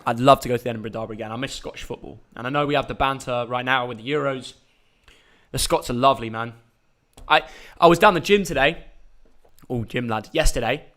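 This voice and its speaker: A man's voice: mid-range voice, fast talker, a bit bright. A young man, hosting a casual live stream and chatting in a rambling, jokey way. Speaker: YouTube host.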